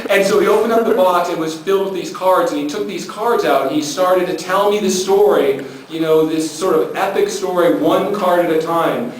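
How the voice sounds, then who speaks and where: A man's voice: sits high, expressive, normal speed. A man from California telling a comic story to a live audience as a panel speaker, acting out the dialogue in put-on voices. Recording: echoey hall from far off with faint noise.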